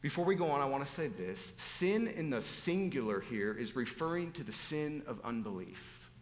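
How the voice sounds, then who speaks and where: A man preaching a sermon in a church sanctuary, his voice mid-pitched and rising to loud emphatic exclamations. He drops suddenly into hushed asides. A long hall reverb trails after every phrase. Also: very animated, moderate pace.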